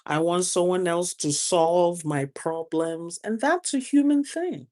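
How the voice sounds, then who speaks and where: Slow-talking woman repeating phrases. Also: lowish voice, expressive, mellow. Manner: laughs often, repeats phrases for emphasis. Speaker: host, spiritual advice speaker. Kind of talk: casual motivational talk.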